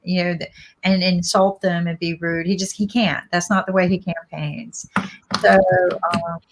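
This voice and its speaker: Speaking with a Southern US accent and a lowish voice, a woman shares her views in a casual political conversation, animated and quick to restart her sentences. There is background noise in the recording.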